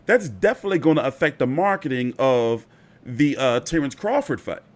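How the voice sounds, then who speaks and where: A man hosts his own boxing channel in a loose, off-the-cuff style at an ordinary speaking pitch. He rambles through fight talk and swears freely. His sentences are full of "like" and "you know.". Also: expressive, moderate pace. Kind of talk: casual fight commentary.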